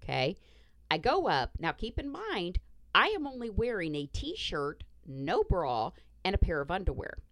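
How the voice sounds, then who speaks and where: A woman's voice: fairly low pitch, wildly swooping pitch, measured pace, a bit bright, no room sound. A woman podcast host casually retelling a story, blunt and profane, acting out the dialogue.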